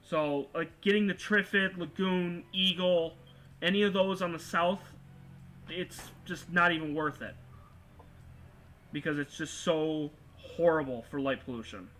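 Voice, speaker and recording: A man with a high, bright, forward voice hosts a casual astronomy livestream. He talks over an online call in a loose, rambling way, full of restarts and filler words. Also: measured pace, a little hiss or hum. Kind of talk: casual live-stream chat.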